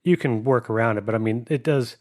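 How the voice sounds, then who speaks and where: A man chatting as a guest on a tech podcast, relaxed with dry humor. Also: mid-range voice, a little fast. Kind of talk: casual tech podcast chat.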